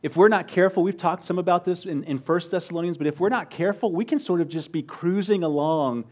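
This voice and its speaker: Preaching man, slightly high voice. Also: fast talker. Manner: conversational preaching, drops to soft low voice for emphasis. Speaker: pastor. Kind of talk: sermon.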